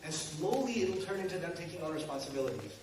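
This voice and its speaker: A man with a high voice gives a lively talk to an audience, joking and acting out family scenes as he goes. He is recorded from a distance in a hall with heavy echo. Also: fast talker, background noise. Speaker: Islamic speaker. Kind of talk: lecture to an audience. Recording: echoey hall, speaker far from mic.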